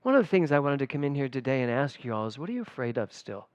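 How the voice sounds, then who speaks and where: A middle-aged man, a spiritual director, giving a conversational sermon at a church service, telling personal stories with lively emphasis. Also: mid-range voice, fast, no echo, lo-fi sound. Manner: animated and personal, storytelling with emphatic swings.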